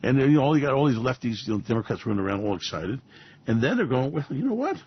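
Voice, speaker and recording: A man's voice: mid-range voice, animated, racing, breathy edge. A man hosting a show, giving a rambling, sarcastic commentary monologue with frequent chuckles, mocking and theatrical in tone. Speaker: show host. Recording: dull lo-fi recording.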